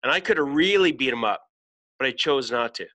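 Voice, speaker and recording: A man's voice: medium pitch, lively intonation, a little fast, sharp tone. A middle-aged man hosting a podcast, giving a blunt, emphatic motivational talk full of swearing. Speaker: podcast host.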